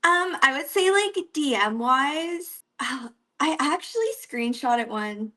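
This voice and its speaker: A woman's voice: high voice, animated, slow, sharp tone. A young woman from Canada with an East Coast accent, chatting casually as an interview guest, giggling often and using many "like" fillers.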